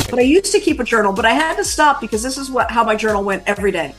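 A woman with a slightly high voice tells a wry personal anecdote in a chatty way. She acts out what others said, and soft music sits faintly behind her. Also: lively intonation, racing, hardly any pauses. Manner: wry storyteller, acts out quoted dialogue. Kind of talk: casual anecdote.

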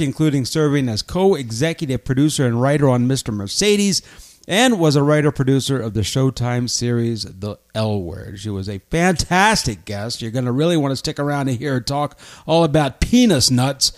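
A man hosting a book podcast, telling stories and introducing guests in a lively, casual way. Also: mid-range voice. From Colorado. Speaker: podcast host.

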